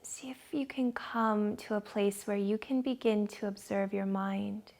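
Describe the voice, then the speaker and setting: A woman yoga instructor talks a gentle class through breathing and poses in a slow, soothing way. Her voice has a gravelly, fry-touched edge, and she sits at a middling pitch for a woman. She is recorded at home in her living room. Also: fairly even intonation.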